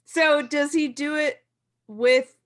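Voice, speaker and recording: A woman's voice: high voice, steady tone, slow pace. A woman co-hosting a casual podcast chat, reacting with amusement and laughing often. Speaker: podcast co-host.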